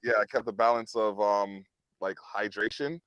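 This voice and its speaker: A man hosting a casual interview. He talks in a playful, animated way and laughs often, while he is still recovering from an illness and has sore ribs. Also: lowish voice, normal speed, dry recording, poor audio. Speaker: podcast host.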